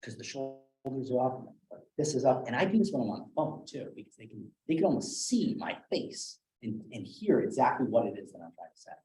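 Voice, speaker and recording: A man running a live sales training session, animated, acting out different tones of voice as examples. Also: mid-range voice, fairly quick, hardly any pauses. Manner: animated, demonstrates tones with acted quotes. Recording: echoey room.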